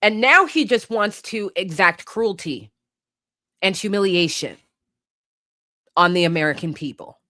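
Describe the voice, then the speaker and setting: Fiery, profane woman with a lively voice. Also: medium pitch, measured pace, long pauses, no echo, studio quality. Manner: profane, fiery, laughs at herself. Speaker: podcast host. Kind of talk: heated political rant.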